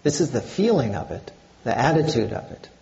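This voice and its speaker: An older man giving a Zen dharma talk in a halting way, with many pauses and fillers. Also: medium pitch, sing-song, vocal fry, darkish tone, dull audio. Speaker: Zen teacher.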